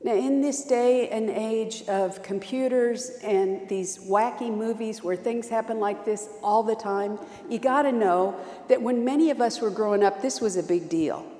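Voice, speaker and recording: A woman's voice: a little high, measured pace, warm tone, reverberant, big-room sound. A woman pastor preaching a sermon, telling stories with strong emphasis and repetition.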